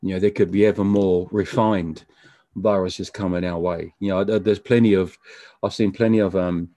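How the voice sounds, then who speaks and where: A man being interviewed as a musician, talking casually in a halting way with frequent stammered restarts. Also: sits low, fairly even intonation, warm tone, no echo. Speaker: musician guest.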